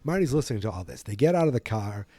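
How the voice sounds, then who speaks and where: A man's voice: lowish voice, sing-song, quick pace, warm tone, dry recording. A man hosting a podcast, retelling a film from memory in a rambling, self-correcting way and yawning as he goes. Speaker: podcast host.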